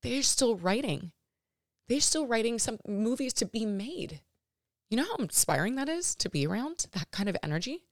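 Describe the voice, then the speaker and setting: On her own podcast, a woman talks about her life in an earnest, emotional monologue full of fillers and restarts, sometimes close to tears. Her voice is a little high, with big pitch swings at a moderate pace, recorded in studio quality with no room sound.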